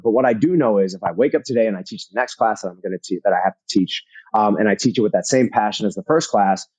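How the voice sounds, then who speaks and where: A man talking as a guest in a casual interview, energetic and emphatic, swearing casually and repeating phrases for punch. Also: medium pitch, quick pace, few pauses, dry recording, poor audio. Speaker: podcast guest, fitness entrepreneur.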